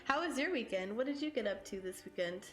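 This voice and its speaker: A woman live-streams a game from her home setup, talking quickly in a fairly high, bright, animated voice with a scratchy throat. There's frequent laughter and the odd swear word, and the sound is roomy and echoey with game music in the background.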